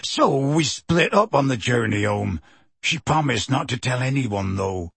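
Gentle giant, deep and rough, slow and pleading, a man putting him on, audiobook, dry sound. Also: animated, no echo, exaggerated voice. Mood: anxious. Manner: hushed, slow, earnest pleading. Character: huge gentle half-giant man, tearful and anxious. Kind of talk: audiobook character voice.

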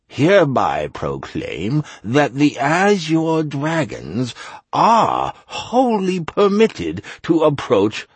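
A man's voice: mid-range voice, husky, no room sound, pitched above the performer's own voice, full character voice. A man voicing a smug masked male councilman who makes pompous legal proclamations in a sing-song way.

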